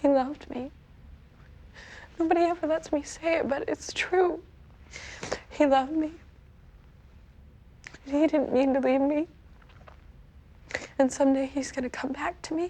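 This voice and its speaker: An actress playing a shy young woman freed from captivity, speaking softly in a hushed near-whisper during an interview scene. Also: high-pitched, steady tone, unhurried, long pauses, slight background noise. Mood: wistful.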